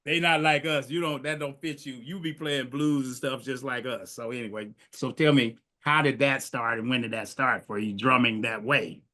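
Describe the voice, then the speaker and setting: A man's voice: medium pitch, steady tone, moderate pace, hardly any pauses, pushed and bright. A man hosting a casual interview, folksy and easygoing, laughing often at his guest's stories. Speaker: podcast host.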